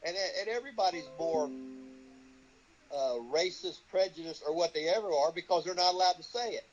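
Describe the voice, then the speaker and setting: An older man tells a rambling, profanity-filled story, his voice sitting a little high for a man. He slips into the voices of the people he quotes. The recording is dull and muffled. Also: brisk, faint music behind. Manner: swears constantly, acts out quoted voices. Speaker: guest, wrestling trainer. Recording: dull lo-fi audio.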